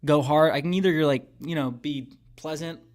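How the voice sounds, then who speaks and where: A man's voice: on the high side, moderate pace, darkish tone. A young man chatting casually on a podcast, hesitant and full of fillers. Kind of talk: casual chat.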